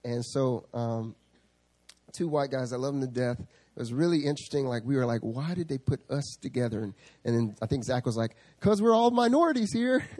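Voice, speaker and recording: A male pastor preaching a sermon, telling a story with animated quoted voices. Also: medium pitch, normal speed. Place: church service.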